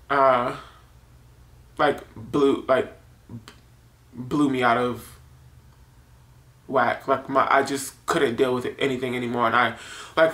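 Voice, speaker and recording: A man's voice: medium pitch, pushed and bright. A man in his twenties telling a personal story in a casual confessional vlog, rambling with many filler words and nervous laughs. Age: 20s. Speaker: YouTuber. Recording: roomy echo.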